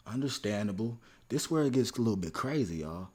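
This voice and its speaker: A man's voice: on the low side, a little fast, hardly any pauses, slightly rough. A young man hosting a music reaction video, talking casually and animatedly to viewers. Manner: animated, talks straight to viewers with slang. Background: music playing.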